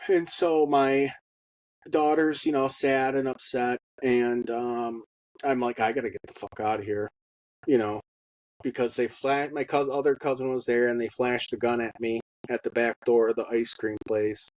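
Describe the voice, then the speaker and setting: A man talks through his own story in a halting, unpolished monologue. He stops often on ums and uhs and swears bluntly. His voice sits at a middling pitch and comes across dry, with no room sound around it. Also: fairly even intonation, a little mellow, no room sound, poor audio. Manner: halting, with many fillers and blunt profanity. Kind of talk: personal testimony monologue.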